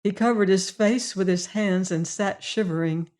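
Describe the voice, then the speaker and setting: A woman reading a classic mystery story aloud as an audiobook narrator, in a measured style. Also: mid-range voice, steady tone, a little mellow. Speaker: audiobook reader.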